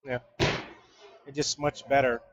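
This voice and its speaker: A man coaching a student in a relaxed, encouraging way, often trailing off mid-sentence. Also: medium pitch, unhurried, a little hiss or hum, low-quality recording. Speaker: bowling coach. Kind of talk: casual coaching talk.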